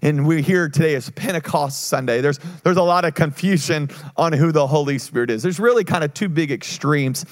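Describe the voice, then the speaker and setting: Pastor, male, mid-high pitch, lively call-and-response preaching. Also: a little fast, few pauses. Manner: energetic preaching with call-and-response and frequent restarts. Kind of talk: sermon.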